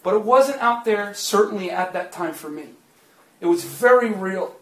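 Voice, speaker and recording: Male preacher, high-pitched, candid confessional testimony, echoey church room. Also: normal speed, fairly bright tone. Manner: candid and confessional, building to fervent emphasis. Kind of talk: personal testimony sermon.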